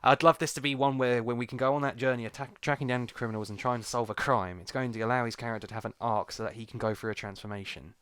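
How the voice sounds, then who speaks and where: A man's voice: medium pitch, fairly even intonation, fast talker, few pauses, fairly bright tone, clean tone. A man co-hosting a podcast, reading an article aloud with sarcastic asides. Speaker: podcast co-host.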